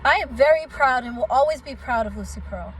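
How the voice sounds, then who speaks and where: This middle-aged singer from Oakland, California, speaks in a high, animated voice at a brisk pace. In her candid vlog she's indignant and direct with viewers, calling them "y'all," over a rough recording with some hiss or hum.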